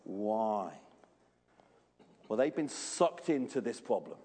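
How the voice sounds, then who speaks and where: A man preaching a sermon, telling lively stories and putting questions to the congregation. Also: lowish voice, slow pace, slightly rough, long reverb tail. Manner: animated storytelling, asks the congregation questions. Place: church.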